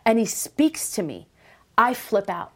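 A woman hosting a Christian talk show, talking in a blunt, energetic, laughing way. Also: medium pitch, unhurried, vocal fry. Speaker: host.

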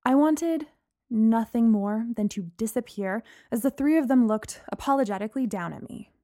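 A woman narrating a first-person story in an expressive, animated way. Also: on the high side, moderate pace.

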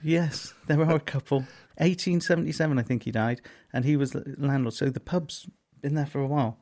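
Gravelly West Country podcast co-host. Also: male voice, mid-range voice, fairly quick, darkish tone. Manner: dry, teasing, playful. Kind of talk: casual comedy podcast banter.

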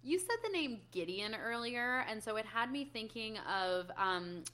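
Woman, podcast co-host, bright sharp tone, chatty and casual with filler ums. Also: a little high, lively intonation, unhurried. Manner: chatty, upbeat, frequent ums. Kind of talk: casual chat.

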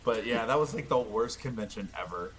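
Lively animated man telling a story. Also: mid-range voice, a little fast, a little hiss or hum. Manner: laughs often, rambling with fillers. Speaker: podcast co-host. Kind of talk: casual storytelling.

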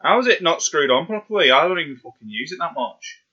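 A man's voice: on the high side, sing-song, quick pace, bright, forceful tone, husky, highs cut off. A man recording voice lines, chatting between takes in a sweary, self-mocking way. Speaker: voice actor. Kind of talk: casual outtake chatter while recording lines.

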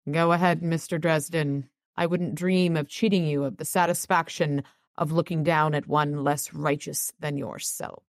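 A woman's voice: deep voice, steady tone, no echo, clean studio sound. A woman doing a cold, proud bitter woman. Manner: cold, measured and clipped. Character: guarded, bitter adult woman, cool and proud.

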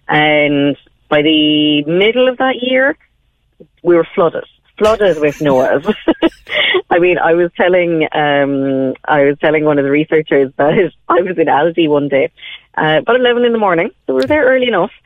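A woman's voice: sits low, lively intonation, normal speed, no echo. A young Irish woman co-hosting a radio chat, chatty and laughing often as she tells stories. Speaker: radio co-host. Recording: tinny phone-like radio line.

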